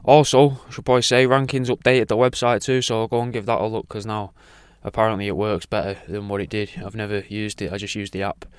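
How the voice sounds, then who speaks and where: A man's voice: fairly low pitch, level tone, quick pace, few pauses, smooth, dry recording. A man hosting a radio talk show, rambling off on tangents and swearing freely. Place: radio studio.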